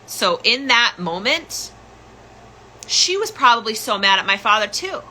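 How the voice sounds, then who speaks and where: Woman podcast host, young adult, sharp bright voice, emotional first-person storytelling with faint noise under it. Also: medium pitch, rough recording. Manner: emotional, candid, repeats phrases for emphasis.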